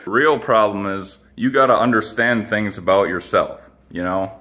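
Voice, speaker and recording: A man's voice: fairly low pitch, moderate pace, sharp tone. A young man ranting casually to camera, profane, rambling and argumentative.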